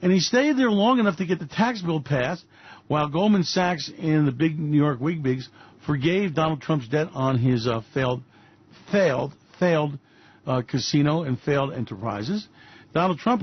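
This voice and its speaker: Ranting male radio host, husky. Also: on the high side, moderate pace, no room sound, dull audio. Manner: ranting, mocking, repetitive punches. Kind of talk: fiery political-finance commentary.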